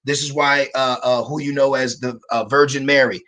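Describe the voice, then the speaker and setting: A man of middle pitch leads a scripture lesson over a live stream, talking into his computer. He pauses a lot on "uh" and "um" and keeps checking in with listeners between points. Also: steady tone, sharp tone. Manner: frequent "okay" and "all right" check-ins with listeners; hesitant, many "uh" and "um" fillers. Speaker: religious teacher.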